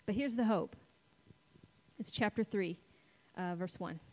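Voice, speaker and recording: A woman preaching a sermon in a conversational, playful way, slowing for dramatic pauses on key words. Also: medium pitch, mellow, rough recording.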